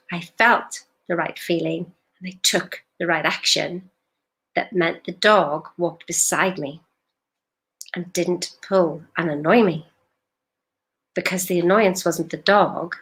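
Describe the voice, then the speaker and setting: A woman's voice: fairly low pitch, a bit bright. Emphatic woman coaching live. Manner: direct, emphatic, rhetorical questions. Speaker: life coach. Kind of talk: live-stream coaching talk.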